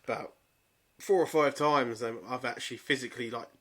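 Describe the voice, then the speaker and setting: A man's voice: mid-range voice, fairly quick, fairly bright tone, slightly rough. A young man co-hosting a podcast, chatting in a laid-back, sweary way with chuckles. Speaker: podcast co-host. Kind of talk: casual chat.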